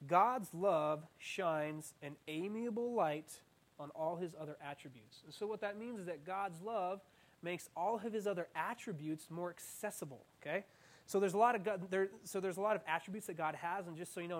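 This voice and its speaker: A young man preaching an interactive sermon, animated and playful, with self-mocking asides. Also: high voice. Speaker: student preacher.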